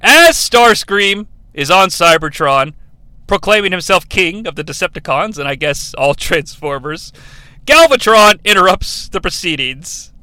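A man's voice: high-pitched, expressive, a little slow, sharp tone, smooth, no echo. A man hosting a countdown show in casual commentary, enthusiastic and rambling into asides, often laughing as he talks.

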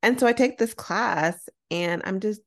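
A woman co-hosting a podcast, telling a personal story in a casual, animated way, acting out quoted dialogue and using slang. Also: mid-range voice, a little slow. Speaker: podcast co-host.

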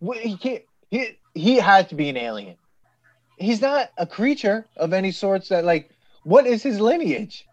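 A man's voice: high-pitched, moderate pace, no echo, lo-fi sound. A man co-hosting a podcast, chatting casually and acting out little scenes as he tells stories. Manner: animated storytelling with acted-out voices. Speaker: podcast co-host. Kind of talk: casual chat.

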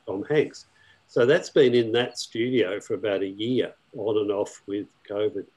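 A man's voice: fairly low pitch, a little slow, a little mellow. A man from Australia with an Australian accent, a filmmaker guest telling stories in a casual interview.

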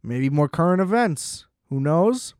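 A man's voice: fairly high pitch, expressive, measured pace, a little mellow, clean tone, no room sound, studio quality. A young man hosting a solo podcast, ranting in a casual, profane, exasperated way and leaning on filler words. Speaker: podcast host.

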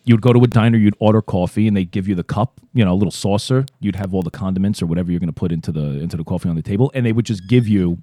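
Low, mellow-voiced man telling rambling stories. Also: rapid-fire, hardly any pauses, no echo, studio quality. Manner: rambling, profane storytelling. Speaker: podcast co-host. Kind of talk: casual chat.

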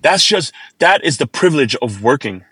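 A man's voice: a little high, sing-song, moderate pace, bright, forceful tone, husky, no echo. A man talking as a guest in a casual interview, earnest and emphatic, often repeating words as he drives a point home. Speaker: chef and podcast guest.

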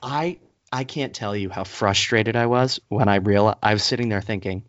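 A low-pitched man tells a rambling, worked-up story on a casual podcast and jumps into high, squeaky voices to play the people he met. The sound is dry and close, but muffled and lo-fi. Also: moderate pace, no echo. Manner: animated storyteller, acts out others in high voices. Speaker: podcast co-host.

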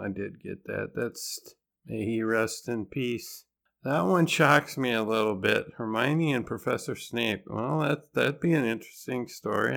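A man's voice: mid-range voice, vocal fry, a bit bright. A man hosting a podcast, narrating in a conversational way with dry, wry humor. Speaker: podcast host.

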